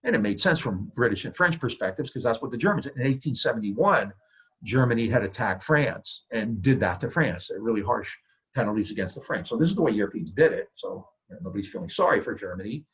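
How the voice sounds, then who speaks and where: Guy professor giving a history lecture, kinda low husky voice, keeps saying right?, lots of uh's. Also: animated, brisk, poor audio. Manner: conversational, asks the class rhetorical questions, frequent "right?"; restarts and "uh" fillers, loud bursts on key points. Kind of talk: university lecture.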